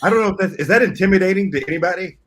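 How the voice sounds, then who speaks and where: A man's voice: high-pitched, rapid-fire, fairly bright tone, slight background noise. A man, a voice actor, signing prints on a livestream and musing playfully. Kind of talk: casual livestream chat.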